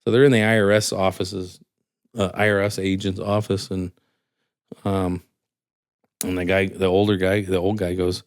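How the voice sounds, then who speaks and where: A man's voice: normal speed, clear, resonant tone. A young man from California, a podcast guest, telling a long joke and personal stories in casual chat, his voice leaping up when he quotes characters. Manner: animated, jumps high for quoted characters.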